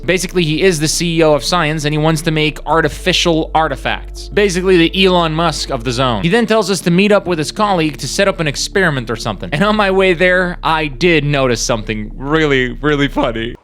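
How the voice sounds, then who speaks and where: A man's voice: on the high side, fairly bright tone. A man streamer narrating his game playthrough in a casual, joking, crude and self-mocking way. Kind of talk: casual comedic recap narration.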